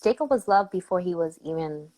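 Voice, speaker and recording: A woman's voice: on the low side, fairly quick, low-quality recording. A woman guest telling a family story in a casual interview, acting out other people's voices as she goes. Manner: animated storyteller, acts out quoted voices.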